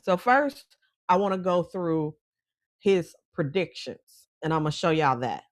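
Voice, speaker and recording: Chatty chicago woman w/ mississippi twang, lowish voice, dry close sound. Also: expressive, a little slow, dry recording. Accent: Chicago with Mississippi roots. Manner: folksy, chatty, calls viewers y'all. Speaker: vlog host. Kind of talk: casual chat to viewers.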